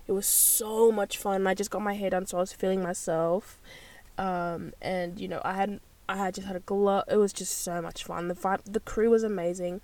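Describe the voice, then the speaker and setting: A woman's voice: mid-range voice, fairly even intonation, normal speed, a little mellow. A young woman, hosting a casual solo podcast in a bubbly, rambling way. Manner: bubbly and rambling, with frequent gasps and laughs. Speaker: podcast host.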